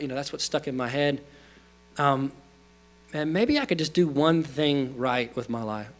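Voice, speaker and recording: A man's voice: fairly high pitch, moderate pace. A man, giving a guest talk in a lecture hall, earnest and conversational with fillers and restarts. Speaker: guest speaker. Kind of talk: storytelling talk.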